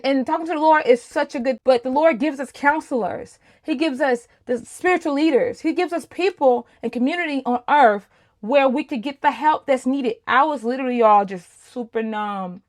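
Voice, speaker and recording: Candid, higher-voiced woman talking to y'all. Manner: casual, personal, addresses listeners as y'all. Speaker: host. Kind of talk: candid faith talk to women.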